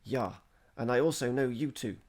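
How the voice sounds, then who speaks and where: A man's voice: medium pitch, normal speed, a little mellow, voice pushed up, natural voice. A man voicing a bold, bossy seven-year-old girl who talks imperiously, in a storybook reading. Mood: suspicious. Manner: imperious, challenging.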